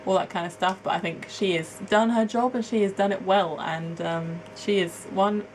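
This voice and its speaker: A woman's voice: medium pitch, fairly even intonation, normal speed, darkish tone, a little hiss or hum, low-quality recording. A young woman from England chatting to camera as a vlogger, rambling and laughing at herself. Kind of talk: casual chat to camera, answering a tag.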